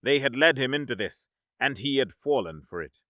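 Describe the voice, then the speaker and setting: A man narrating a science-fiction story in a dramatic, measured audiobook style. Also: medium pitch, animated, bright, forceful tone, no room sound, studio quality.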